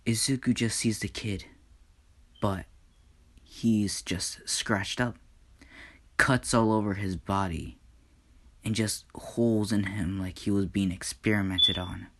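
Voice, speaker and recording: A man narrating an improvised fan story in a dramatic, hesitant way, slipping into hushed whispers. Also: fairly low pitch, steady tone, slow pace, pauses often.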